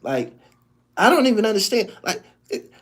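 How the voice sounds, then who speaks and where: Man ranting with a high, lively voice. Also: slightly rough. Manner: heated, rapid-fire, repetitive rant with heavy slang. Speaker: host. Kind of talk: profane ranting sports commentary.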